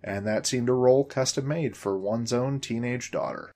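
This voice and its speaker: A man's voice: mid-range voice, normal speed, darkish tone. A man in his forties hosting a story podcast, reading the narration in a dry, wry manner.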